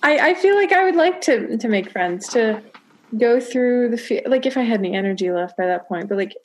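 A woman's voice: fairly high pitch, expressive, brisk, slight background noise. A young woman co-hosting a casual book-club podcast, giggly and rambling, full of "like" fillers. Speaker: podcast co-host.

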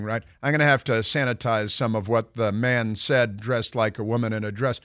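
A man's voice: medium pitch, normal speed, hardly any pauses, a bit bright, dry recording, studio quality. A man hosting a radio talk show, telling a long story in a rambling, digressive way with lots of fillers and restarts.

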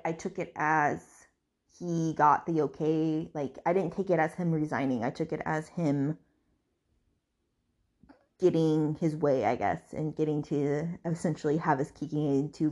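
Chatty woman with a lowish voice. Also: moderate pace, a little mellow. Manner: chatty, rambling, with many fillers and restarts. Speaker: podcast host. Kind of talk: casual book recap.

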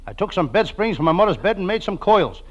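A man playing the excitable, whiny comic in a 1940s radio comedy show, recorded as an old radio transcription. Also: high voice, quick pace, dull audio.

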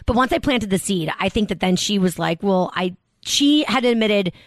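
A woman's voice: medium pitch, expressive, no room sound. A woman from the Boston area, a podcast guest telling casual stories full of "like" fillers and acted-out quotes. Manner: fast storytelling, many "like" fillers, acts out quotes. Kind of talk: casual chat.

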